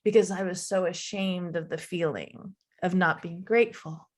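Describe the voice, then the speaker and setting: A woman who is a guest on a podcast interview, telling her personal story in a candid, animated way. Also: on the low side, normal speed.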